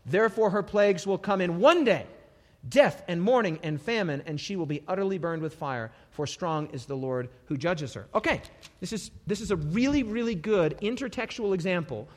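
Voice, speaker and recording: Male preacher, emphatic and dramatic, animated high delivery, long hall reverb. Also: moderate pace. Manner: emphatic, dramatic scripture reading with sudden loud bursts. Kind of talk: sermon.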